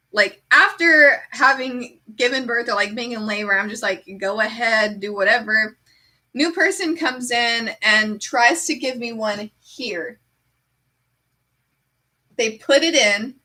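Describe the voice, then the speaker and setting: A woman streamer in casual chat, an animated storyteller who fills her talk with "like". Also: a little high. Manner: chatty, heavy use of "like".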